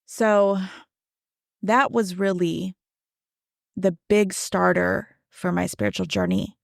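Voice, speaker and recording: A woman's voice: lowish voice, slow, creaky, no echo, clean studio sound. A woman in her thirties hosting her own podcast, telling a personal story in a casual, conversational way, full of "like" and "right?". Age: 30s. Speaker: podcast host.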